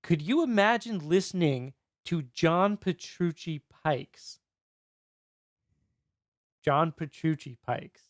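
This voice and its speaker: A man's voice: a little high, lively intonation, slow, pauses often, dry recording, studio quality. A man hosting a podcast in casual chat, laid-back and joking, who stumbles over names. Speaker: podcast host.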